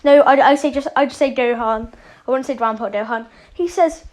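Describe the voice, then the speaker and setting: Casual storyteller, woman with a high voice, loose and rambling, lots of fillers. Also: a little fast, a little mellow. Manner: rambling, with many fillers and self-corrections. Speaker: channel host.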